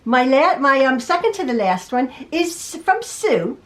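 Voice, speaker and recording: A chatty middle-aged woman teaching quilting from her home sewing room, her voice sitting fairly high. She rambles warmly through viewer emails, restarting her sentences often. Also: sing-song, measured pace. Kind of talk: casual chat reading viewer emails.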